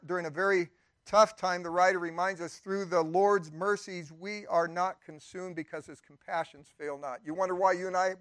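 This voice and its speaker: An older man preaching a sermon as pastor in a church, conversational, with asides and quick acted-out quotes. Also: high-pitched, no room sound.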